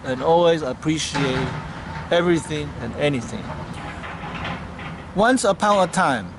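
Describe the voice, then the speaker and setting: A man's voice: fairly high pitch, background noise. A man giving an earnest spiritual talk and telling a parable, in simple phrasing with slips of grammar, recorded outdoors in a city. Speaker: Hare Krishna devotee.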